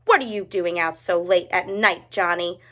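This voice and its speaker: A woman's voice: fairly low pitch, moderate pace, pushed and bright. A woman voicing a strict female schoolteacher who speaks firmly and scolds. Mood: scolding. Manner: firm, scolding, commanding. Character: strict stern female schoolteacher, middle-aged.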